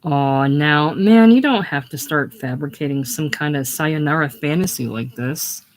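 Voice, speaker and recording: A reader doing a calm, needling young man. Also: medium pitch, measured pace, slight background noise, lightly acted. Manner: calm, gently teasing. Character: patient, needling young male friend. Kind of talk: casual play reading.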